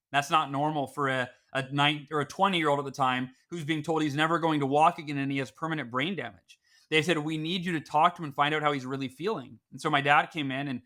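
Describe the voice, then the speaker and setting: Bright, high-voiced earnest male storyteller. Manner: earnest, animated storytelling with acted-out quotes. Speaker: podcast guest. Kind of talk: storytelling interview answer.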